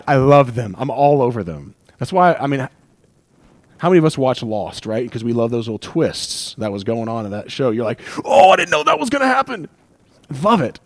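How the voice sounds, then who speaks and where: A man's voice: mid-range voice, darkish tone, no echo. A man preaching a sermon as pastor, conversational and emotional, with asides and acted-out quotes.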